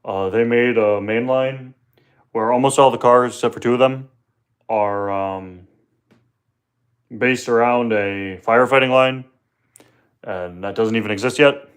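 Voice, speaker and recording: A man's voice: mid-range voice, measured pace, pauses often, clean tone. A young man hosting a casual live question-and-answer stream from home, joking and tripping over his words, talking into a phone on a tripod. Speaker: livestream host.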